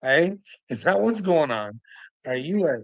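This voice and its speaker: A man's voice: on the high side, sing-song, unhurried, vocal fry, no room sound, low-quality recording. A man hosting a casual livestream, crude and profane, laughing often as he teases the people in his chat. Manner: crude, profane, laughs a lot between remarks; teasing, talks back to viewers' comments. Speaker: livestream host.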